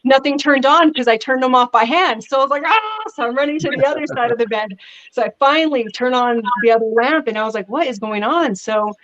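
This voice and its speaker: A woman guest talking in a casual interview, chatty and lively as she tells stories. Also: high-pitched, fast, muffled recording. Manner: chatty, animated storytelling with laughs. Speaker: guest actress.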